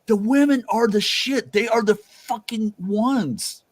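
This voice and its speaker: A man's voice: high-pitched, slow pace. A man hosting a casual talk show, rambling and swearing with emphatic asides. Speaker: host. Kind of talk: casual chat.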